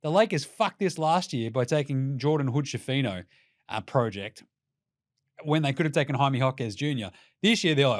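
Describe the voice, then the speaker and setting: A man's voice: mid-range voice, lively intonation, normal speed, no echo, clean studio sound. Brash, swearing Australian man. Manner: brash, profane and jokey. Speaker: basketball commentary host. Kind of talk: casual sports commentary.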